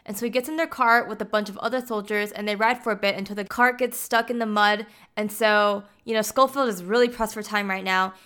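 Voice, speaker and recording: Smooth-voiced woman recapping a film. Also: medium pitch, a bit bright. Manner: chatty, heavy use of "like" fillers. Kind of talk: casual film plot recap.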